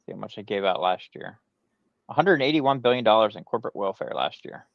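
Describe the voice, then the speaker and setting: A man's voice: on the low side, lively intonation, brisk, creaky, dry recording. A man co-hosting a live stream, talking crudely and lecturing on his points. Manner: lecturing, profane. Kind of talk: casual crude chat. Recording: dull, dry lo-fi mic.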